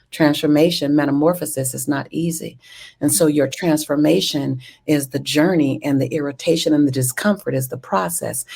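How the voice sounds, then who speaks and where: A woman's voice: deep voice, gravelly, a little mellow, breathy edge. A woman guest speaking in an emphatic, rhythmic motivational cadence, repeating affirmations over a video call. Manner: emphatic, repetitive preacher-like cadence.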